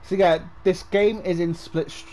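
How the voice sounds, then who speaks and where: A young man chatting casually while playing a co-op game, excitable and swearing often. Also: high-pitched, moderate pace. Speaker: gamer playing co-op. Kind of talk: casual let's-play chat.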